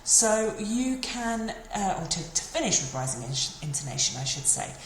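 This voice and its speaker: Woman, mid-pitched teacher, patient and repetitive explainer, roomy recording with light background ambience. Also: big pitch swings, moderate pace, a little hiss or hum. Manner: patient, repeats and models French phrases. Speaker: French teacher. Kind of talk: explanatory language lesson. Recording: echoey room, faint ambience.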